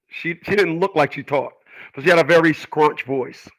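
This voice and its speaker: A man's voice: a little high, normal speed, a bit bright, low-quality recording. A middle-aged man hosting his channel, speaking earnestly and emphatically in a personal monologue to his viewers. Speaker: channel host.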